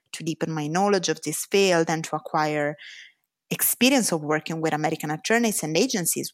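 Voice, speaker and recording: A woman with an Italian accent speaks as an interview guest, earnest and a little formal. Her voice sits low. The recording is dry, with little room sound. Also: no room sound. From Italy. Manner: earnest, slightly non-native phrasing. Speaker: guest lawyer. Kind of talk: interview answers.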